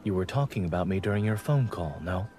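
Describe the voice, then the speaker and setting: A man voicing a calm, reserved young male doctor in game dialogue, with dry, measured delivery. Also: sits low. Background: game music.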